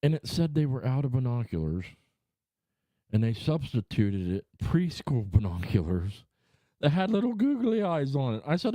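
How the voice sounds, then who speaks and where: A man's voice: medium pitch, big pitch swings, moderate pace, warm tone, dry recording. A middle-aged man hosting a livestream, chatting and ranting casually to his viewers with lots of swearing. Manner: profane, rambling, worked-up ranting. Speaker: livestream host. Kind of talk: casual rant and chat to viewers. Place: home room.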